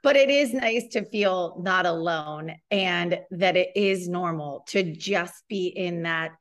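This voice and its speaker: A woman hosting a parenting podcast, chatty and quick to laugh while she interviews a guest. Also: on the low side. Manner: chatty and giggly, laughs often. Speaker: podcast host. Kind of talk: casual interview talk.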